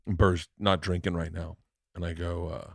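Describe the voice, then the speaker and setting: A man's voice: low voice, flat delivery, moderate pace, vocal fry, dry recording, studio quality. A middle-aged man hosting a podcast, telling stories in casual chat, swearing and quoting other people as he goes. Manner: swearing storyteller, quotes others. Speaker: podcast host.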